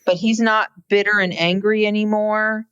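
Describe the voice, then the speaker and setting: A woman's voice: medium pitch, level tone, moderate pace, fairly bright tone, clean tone, lo-fi sound. A woman co-hosting a podcast in casual chat, giving wry, skeptical commentary. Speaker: podcast co-host. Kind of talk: casual chat recapping a reality show.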